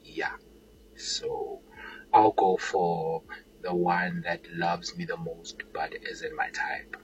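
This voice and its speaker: A man's voice: low-pitched, slow, dull audio, a little hiss or hum. A man sending a laid-back voice note to a radio show, laughing and slipping into whispers. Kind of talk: casual voice note. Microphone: phone voice note.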